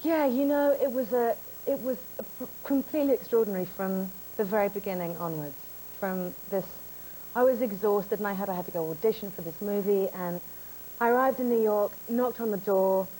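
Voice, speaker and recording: Young actress, guest on a talk show, quick and self-mocking in her storytelling, faint hiss in the background. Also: mid-range voice, warm tone, poor audio.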